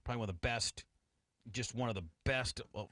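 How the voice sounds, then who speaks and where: A man's voice: mid-range voice, a little fast, fairly bright tone, dry recording. A man hosting a radio show, asking brash, crude, joking questions in a casual studio chat.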